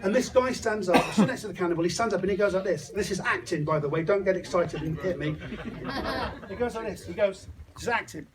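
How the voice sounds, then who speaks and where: A man's voice: high-pitched, fast. A man doing a crude, swearing stand-up comedy set outdoors on a hot tub, telling a story with mock-paranoid asides. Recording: distant mic, loud crowd around. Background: crowd laughing.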